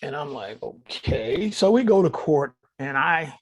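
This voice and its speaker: A man's voice: fairly high pitch, normal speed. A man on a podcast as a guest, telling his own stories casually and animatedly, often speaking straight to the listeners. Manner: animated, addresses listeners directly. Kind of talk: casual storytelling to an audience.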